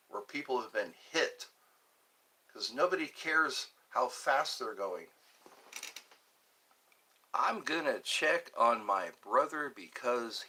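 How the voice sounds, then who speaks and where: A man with a medium-pitched, sharp voice hosts his own live stream. He rambles and jokes between topics, greets viewers, and occasionally breaks into mock cries.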